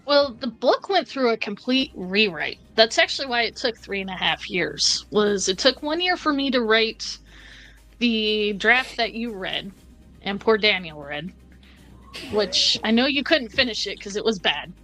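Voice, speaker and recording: A woman's voice: medium pitch, lively intonation, a little slow, pushed and bright, faint music behind, rough recording. A woman author chatting casually about her book, rambling and self-deprecating. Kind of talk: casual chat.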